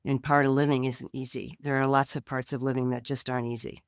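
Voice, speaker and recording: A woman's voice: a bass voice, flat delivery, fast, smooth, no echo, clean studio sound. A woman co-hosting a podcast, talking in an earnest, reflective way. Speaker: podcast co-host. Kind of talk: casual podcast chat.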